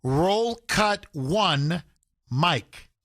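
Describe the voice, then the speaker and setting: A man's voice: on the high side, animated, extremely slow, fairly bright tone, no room sound, clean studio sound. A man hosting a talk radio show, giving emphatic, indignant commentary and mimicking the people he talks about.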